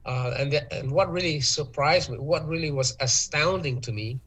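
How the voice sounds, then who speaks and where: A man's voice: on the high side, a bit bright, husky, low-quality recording. Hesitant man full of ums. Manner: hesitant, lots of ums and uhs, measured. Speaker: interview guest, tourism official. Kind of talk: talk-show interview.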